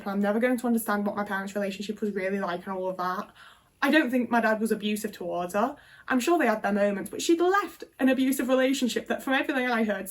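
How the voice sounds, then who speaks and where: Frank, sweary young woman. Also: on the high side. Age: 20s. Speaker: vlogger. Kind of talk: casual confessional storytelling.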